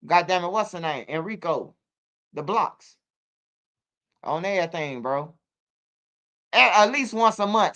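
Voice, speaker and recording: A man's voice: sits high, bright, forceful tone. A man hosting a casual livestream, emphatic, repeating himself and swearing freely. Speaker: streamer and channel host.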